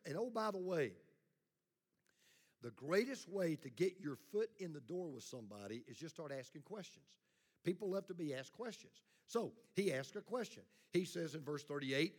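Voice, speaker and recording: Blunt male pastor preaching in a reverberant sanctuary. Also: high voice. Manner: blunt, plain-spoken preaching with congregation call-and-response. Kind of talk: sermon. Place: church sanctuary. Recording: long hall reverb.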